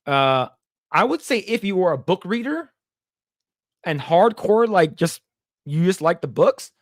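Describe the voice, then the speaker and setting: A man's voice: a little high, no echo, clean studio sound. A man in his thirties co-hosting a casual podcast, rambling through stories and acting out quoted dialogue. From United States. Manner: rambling storyteller who acts out quoted dialogue. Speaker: podcast co-host.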